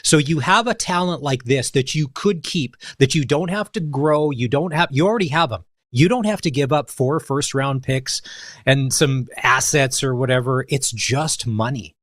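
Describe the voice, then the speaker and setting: A man's voice: mid-range voice, moderate pace, a bit bright, no echo. Man, sports radio host, easy conversational questioner, dead-dry studio sound.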